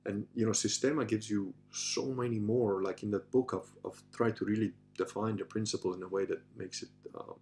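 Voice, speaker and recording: Answering listener questions on his podcast, a middle-aged man with a lowish voice tells stories fairly quickly with hardly any pauses, over a little hiss or hum. It's a casual, rambling monologue with frequent restarts, asides and "you know," and he acts out voices animatedly.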